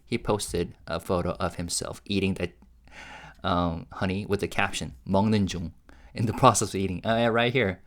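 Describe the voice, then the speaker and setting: Man, low voice, casual reaction host, live translating, chuckling, lots of fillers. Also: brisk. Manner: relaxed, chuckling, hesitant with many fillers. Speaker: YouTube host translating a livestream.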